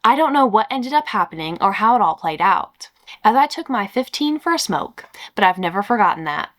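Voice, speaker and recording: A woman podcast host reading a story aloud in a casual, chatty, expressive way, with asides of her own. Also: medium pitch, fairly quick.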